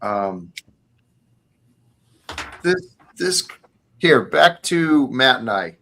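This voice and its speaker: A man's voice: medium pitch, big pitch swings, drawn-out words, gravelly, bright, forceful tone, a little hiss or hum, rough recording. A man hosting a casual live stream panel. He talks in an earnest, preachy way about faith. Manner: earnest, preachy spiritual talk. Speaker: stream host.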